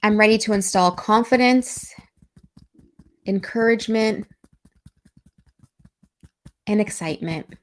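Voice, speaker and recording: A woman's voice: mid-range voice, slow pace, pauses often. A woman coaching a live-stream EFT tapping and guided meditation session, speaking in a soothing, encouraging voice.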